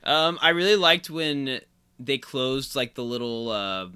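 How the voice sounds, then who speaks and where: Young man, podcast co-host, playful, laughs a lot, very bright sharp tone. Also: medium pitch, lively intonation, measured pace, clear, resonant tone. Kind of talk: casual chat.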